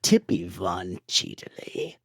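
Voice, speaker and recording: A man putting on the voice of a sinister old male galactic emperor, drawn out slow and low. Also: very animated, gravelly, husky, no echo, studio quality, heavily acted.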